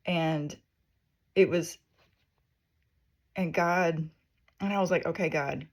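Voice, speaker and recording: A woman's voice: on the low side, fairly even intonation, very slow. A woman sharing a personal spiritual testimony, speaking earnestly and emotionally in a rambling, filler-heavy way. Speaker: faith testimony vlogger.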